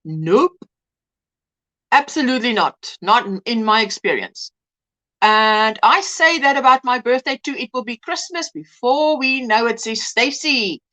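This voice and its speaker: Speaking at a measured pace, this woman has a high-leaning voice with a sharp tone. She runs a casual crochet livestream where she chats, gushes over projects, and says hello to viewers by name.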